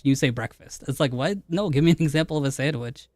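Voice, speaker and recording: A man's voice: on the high side, steady tone, unhurried, pauses often, dry recording, studio quality, soft background music. A man streaming a game who argues with his chat, laughing as he challenges them again and again to give him an example. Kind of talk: live stream chat reply.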